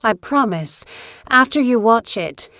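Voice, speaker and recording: A woman giving a scripted English lesson, reading out clear example sentences and prompting the listener to repeat after her. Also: fairly high pitch, lively intonation, pushed and bright, no room sound, clean studio sound. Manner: clear, deliberate, model-sentence delivery. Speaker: English teacher. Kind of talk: slow scripted language lesson.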